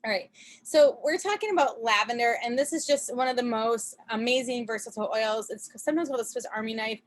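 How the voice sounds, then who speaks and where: A woman's voice: on the high side, brisk. A woman chatting casually on a video call from a camper, telling a story with frequent laughs, fillers and restarts. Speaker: presenter.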